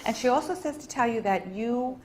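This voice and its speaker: A woman working as a medium, relaying messages to audience members in a soft, tender, soothing manner with endearments. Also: fairly high pitch, lively intonation, brisk, poor audio. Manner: soft, soothing, tender, calling people honey and sweetheart. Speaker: medium at a public reading. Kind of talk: live spirit reading to an audience.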